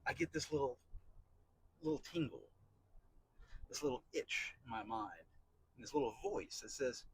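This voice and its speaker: A man's voice: a little high, very animated, brisk, vocal fry, pushed and bright, breathy edge, poor audio. A middle-aged man hosting a podcast, talking through a candid personal monologue in a rambling, repetitive way with frequent swearing. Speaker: podcast host.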